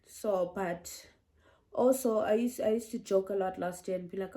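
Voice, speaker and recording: A woman in her twenties telling a personal story to her viewers in a chatty, animated way. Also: mid-range voice, normal speed. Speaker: vlogger. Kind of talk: story time vlog.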